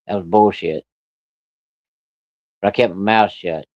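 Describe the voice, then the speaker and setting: Low-voiced man telling a blunt, folksy story. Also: unhurried, darkish tone, no echo. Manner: blunt, profane, folksy, with rural grammar. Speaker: storyteller recounting a personal encounter. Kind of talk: casual spoken storytelling. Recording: dull, lo-fi and dry.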